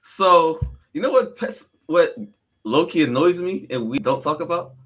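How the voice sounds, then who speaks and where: A man's voice: a little high, expressive, a little slow, fairly bright tone. A man co-hosting a podcast, ranting earnestly in casual banter. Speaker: podcast co-host.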